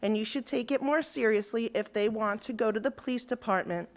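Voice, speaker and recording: A woman giving a measured, reproachful public comment at a school board meeting. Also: a little high.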